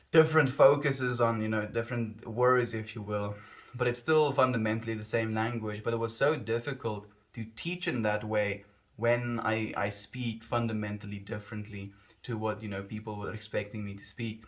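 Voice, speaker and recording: A fairly low-pitched man from South Africa livestreams, chatting casually with viewers in a South African accent. He rambles reflectively and often corrects himself mid-sentence.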